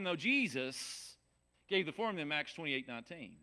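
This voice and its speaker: Folksy Southern preacher man, bright voice. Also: big pitch swings, moderate pace. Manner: swings from shouting to soft and low, folksy. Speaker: pastor. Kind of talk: sermon.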